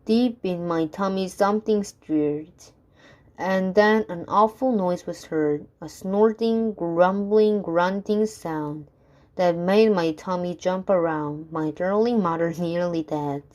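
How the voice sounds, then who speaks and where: A woman reading children's rhyming poems aloud in a measured, rhythmic way. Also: fairly low pitch, darkish tone. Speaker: reader.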